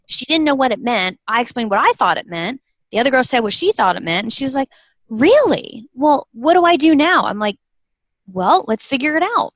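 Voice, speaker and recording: A woman in her thirties, a business owner being interviewed, telling earnest, animated stories full of quoted dialogue. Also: medium pitch, dry recording, rough recording. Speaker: guest, apparel business owner. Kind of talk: interview conversation.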